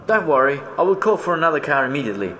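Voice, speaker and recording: Man doing brisk scheming driver, lively pitch, roomy echo. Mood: businesslike. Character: calm scheming male driver. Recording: roomy echo, faint noise.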